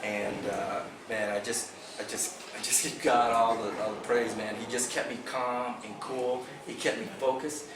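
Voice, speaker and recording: A man recounts a fishing day to his club, animated and vivid, punching out sound effects and quoting people along the way. He's picked up from a distance by a camera in a roomy hall. A steady background noise sits under his voice. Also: medium pitch, normal speed, hardly any pauses. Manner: excited, vivid, acts out sounds and quotes. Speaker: bass fishing club member. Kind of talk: animated storytelling to a club meeting. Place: club meeting room. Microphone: far camera.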